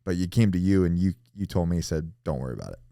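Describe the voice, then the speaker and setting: Man in his thirties, very low voice, casual and profane host, dry close sound. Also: lively intonation, fast, vocal fry, dark tone, no room sound. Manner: casual, profane, agreeable with frequent yeahs. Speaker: podcast host. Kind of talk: casual podcast interview.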